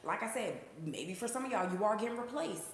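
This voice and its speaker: A woman's voice: mid-range voice, lively intonation, fairly quick, a little hiss or hum. Chatty woman doing a reading in an echoey room. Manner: chatty, slangy, keeps checking in with "okay?"; breaks into sung snippets. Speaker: intuitive reader, channel host. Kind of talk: casual spiritual reading talk.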